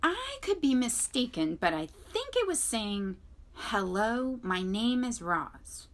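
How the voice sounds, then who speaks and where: Woman doing a raised, self-important male owl in a storybook read-aloud; higher and louder than her own voice. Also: big pitch swings, takes it slowly, full character voice. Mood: announcing. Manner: raised, announcing, screeches when alarmed. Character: pompous male owl, alarmed town crier. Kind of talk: children's book read-aloud.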